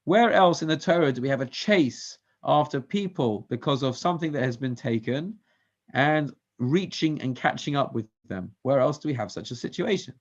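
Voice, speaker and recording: A man's voice: mid-range voice, lively intonation, normal speed. A man leading a Torah study class, quizzing the group with questions and mixing Hebrew verses into English. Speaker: Torah teacher. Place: synagogue class. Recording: dull lo-fi recording.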